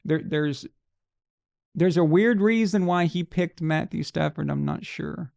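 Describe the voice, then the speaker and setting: A man with a fairly high voice and a gravelly, fried edge hosts a live show. He rants bluntly and casually about sports, swearing freely. The sound is dry and close. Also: measured pace, darkish tone, dry recording.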